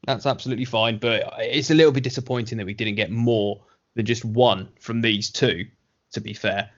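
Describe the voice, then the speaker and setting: A man co-hosting a casual podcast review, talking in a measured, musing way with hedges. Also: mid-range voice, fairly even intonation, lo-fi sound. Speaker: podcast co-host.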